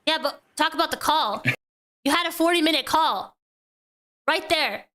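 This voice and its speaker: A woman's voice: high voice, measured pace, sharp tone. A woman hosting a casual podcast, questioning her guest and laughing often. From living in Portugal. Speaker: podcast host.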